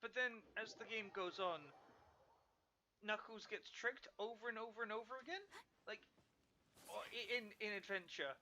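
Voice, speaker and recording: A man's voice: sits high, normal speed, pauses often, sharp tone, slight background noise. A man streaming a game, rambling and thinking aloud in casual commentary with many restarts.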